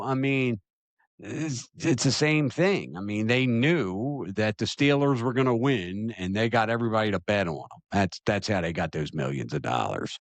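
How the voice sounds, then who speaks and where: Emphatic low-voiced male podcast host. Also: dry recording. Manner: emphatic, repeats himself for emphasis. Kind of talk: opinion rant and listener Q&A.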